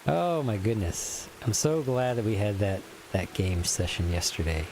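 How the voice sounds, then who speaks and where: A man streaming a game from home talks to his chat in a dark, somber, theatrical voice that sits low but rises and falls with lively swings. He speaks close into a filtered desk microphone, and a faint ambient hum lingers underneath. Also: moderate pace. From Texas. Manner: put-on somber theatrical mic voice. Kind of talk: casual live-stream chat with viewers.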